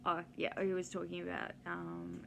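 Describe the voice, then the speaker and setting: A woman chats casually for her vlog, drifting from one story to the next. Her voice sits a little low, with a gravelly fry, and she takes her time. A steady hiss of noise runs under the recording. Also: moderate pace. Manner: rambling, digressive, with many ums. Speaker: vlogger. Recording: noisy background hiss.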